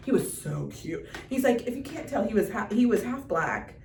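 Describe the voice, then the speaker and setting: Middle-aged woman, lively storyteller, raised voice, roomy room, mic set back. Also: fairly high pitch, fast talker, few pauses. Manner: animated, laughs often, acts out quotes. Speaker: podcast co-host. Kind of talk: casual chat storytelling. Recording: roomy sound, distant mic, faint noise.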